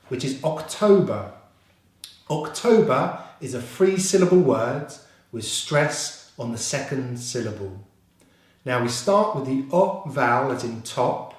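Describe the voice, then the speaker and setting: A man with a British accent teaching English pronunciation, slowly repeating each sound and encouraging his learners. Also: medium pitch. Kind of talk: pronunciation lesson. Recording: very echoey room.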